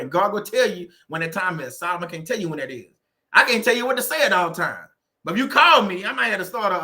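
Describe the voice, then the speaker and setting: Bright-voiced joking man. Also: sits high. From Southern Louisiana. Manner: joking, preachy, laughs often. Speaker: channel host. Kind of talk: casual motivational talk. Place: room at home.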